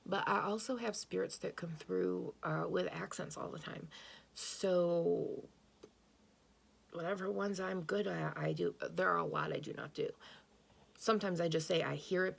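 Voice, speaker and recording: A tarot reader with a fairly low, creaky voice speaks directly to the listener in an earnest, intuitive reading. She thinks out loud, going back over phrases and fixing her words.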